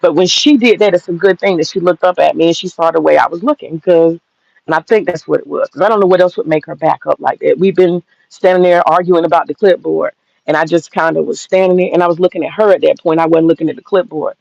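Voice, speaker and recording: A woman's voice: on the low side, steady tone, quick pace, creaky, a little mellow, no echo, lo-fi sound. A woman in her forties telling a personal story straight to viewers, blunt and profane, laughing through it. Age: 40s. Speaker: vlogger.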